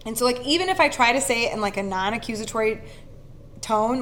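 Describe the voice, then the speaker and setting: Woman, 30s, higher voice, earnest and animated leadership coach, faint room noise. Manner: earnest, coaching, lively with quick laughs. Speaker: speaker and leadership facilitator. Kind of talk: casual talk to camera.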